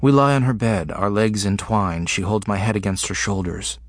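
A man narrating a first-person story in short, halting, intimate fragments. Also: lowish voice, steady tone, no echo.

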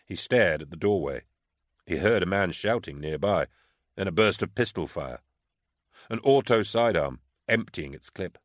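A man reading an audiobook as narrator, in a measured, steady storytelling manner. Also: low voice, no echo, studio quality. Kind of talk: scripted narration.

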